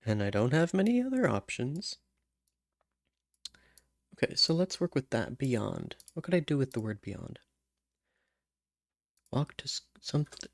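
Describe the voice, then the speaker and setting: Male songwriter, slow self-talk, trying rhymes under his breath, dry close recording. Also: medium pitch, sing-song, vocal fry, no echo. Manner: muttering, trying out rhymes and humming syllables. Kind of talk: thinking aloud while writing lyrics.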